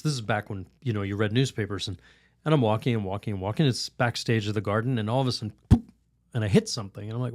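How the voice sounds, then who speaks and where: A man, a priest on a podcast, telling a story and teaching in a lively, rambling way. He laughs often and restarts his sentences. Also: on the low side, no echo, clean studio sound. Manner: animated, laughs while telling stories; rambling restarts, many "you know"s. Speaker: Catholic priest, podcast guest.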